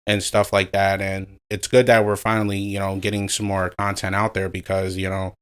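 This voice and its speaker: Smooth low-voiced male co-host. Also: little pitch movement, normal speed, a bit bright. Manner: easygoing, rambling with filler words. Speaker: podcast co-host. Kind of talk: casual podcast chat.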